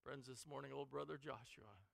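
A man preaching a sermon in a church on a headset mic, dramatic, swinging from quiet lows to shouted highs. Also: steady tone, fairly quick, creaky, no room sound.

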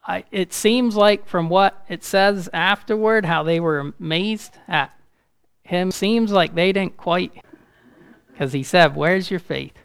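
Slow gravelly male preacher. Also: high-pitched, no echo, clean studio sound. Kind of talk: informal sermon.

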